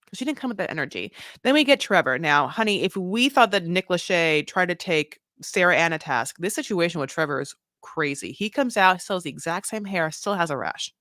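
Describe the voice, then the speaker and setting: A woman co-hosting a podcast, recapping a reality show in a sassy, profane, animated way. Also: fairly low pitch, brisk, no echo, studio quality. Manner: animated, profane, sassy storytelling with voiced quotes. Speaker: podcast co-host. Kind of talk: casual recap chat.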